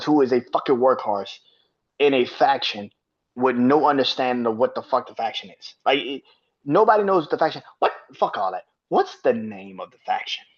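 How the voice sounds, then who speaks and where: A man hosting a podcast, ranting about wrestling in a profane, exasperated way and laughing in disbelief. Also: medium pitch. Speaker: podcast host. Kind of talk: heated rant about wrestling. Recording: dull lo-fi recording.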